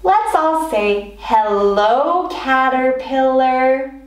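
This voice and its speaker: A woman's voice: sits high, very slow. A woman teaching English words to young children, prompting them to repeat and praising them in an encouraging, sing-song way. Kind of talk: slow children's vocabulary lesson. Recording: echoey room, voice a bit far from mic.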